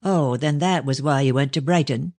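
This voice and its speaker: A man voicing a stern, guarded older Victorian father who speaks in a measured, ironic way in an audiobook. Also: a little high, darkish tone, no echo, close to an everyday voice. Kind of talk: audiobook reading of a novel.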